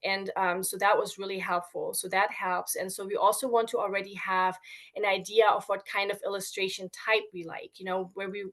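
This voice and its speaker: A woman's voice: mid-range voice, a little fast. Woman children's book author, chatty guest, says "you know" a lot. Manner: relaxed, many fillers like "you know". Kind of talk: interview guest explaining.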